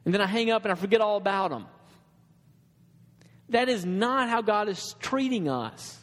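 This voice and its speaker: A man's voice: high-pitched, lively intonation, normal speed, a bit bright, in a large hall. A man preaching a sermon in an earnest, conversational way, with restarts and asides to the congregation.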